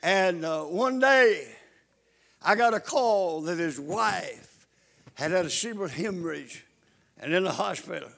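An older man preaching a folksy sermon, dropping to hushed storytelling and rising to loud calls to his listeners. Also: high-pitched, lively intonation, a little slow, gravelly. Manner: repeats calls to the congregation.

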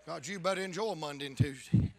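A man preaching a fervent revival sermon, bursting into loud shouts. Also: on the high side, fast talker, creaky.

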